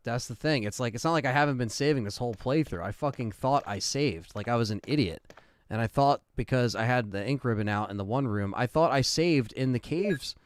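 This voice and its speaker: A man's voice: mid-range voice, brisk, clean tone, dry recording. A young man streaming a video game live, swearing freely and ranting to his chat in exasperation. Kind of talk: live gameplay stream commentary. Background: faint game music.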